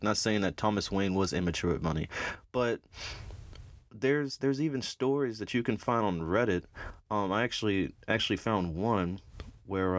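A man's voice: fairly low pitch, no echo. Rambling man talking with laughs. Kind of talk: casual comedic monologue.

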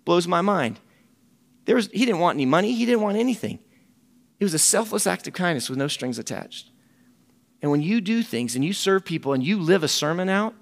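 Gravelly middle-aged man speaker. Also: high-pitched, fairly bright tone. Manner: folksy storytelling with quoted voices. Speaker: camp ministry director. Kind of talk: conference talk.

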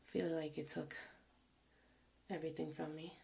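Casting: young woman, worn out and breathless, low, gravelly voice, unhurried casual chat. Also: level tone. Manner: slow, soft, often trailing into whispers. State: tired and out of breath. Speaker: vlogger. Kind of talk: casual talk while doing her hair.

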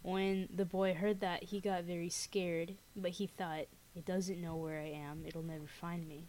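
A young woman co-hosting a podcast, reading a scary story aloud in a laid-back, unhurried way, and chatting casually. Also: fairly low pitch, little pitch movement, darkish tone, poor audio. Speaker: podcast co-host.

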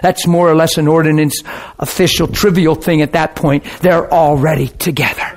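Animated high-voiced man preaching. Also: moderate pace. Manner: animated storytelling with sound effects; preacherly, asks listeners questions. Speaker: pastor. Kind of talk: sermon.

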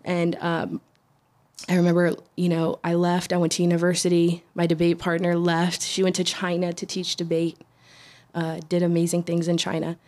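A woman, an interview guest telling a story casually, animated, with restarts and acted-out quotes. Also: fairly low pitch, normal speed.

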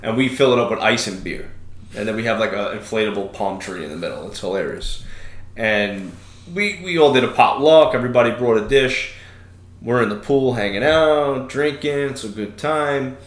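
A man's voice: mid-range voice, animated, moderate pace, roomy sound. A man in his thirties from New York, hosting a podcast and telling stories in a loose, casual way, swearing freely. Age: 30s. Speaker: podcast host. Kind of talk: casual chat.

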